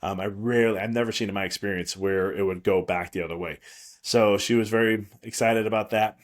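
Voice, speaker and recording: A man with a fairly low voice hosts his own podcast, speaking as a prenatal chiropractor. He talks loosely and reassuringly, often restarting his sentences and filling pauses as he goes. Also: steady tone. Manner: rambling, reassuring, frequent restarts and fillers. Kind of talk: solo podcast monologue.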